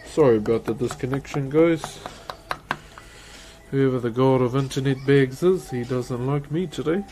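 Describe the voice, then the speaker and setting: A man's voice: mid-range voice, moderate pace, background noise. Laid-back New man streaming. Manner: laid-back, laughs often, greets chatters. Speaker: streamer and woodcarver. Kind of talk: casual live-stream chat. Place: carving workshop.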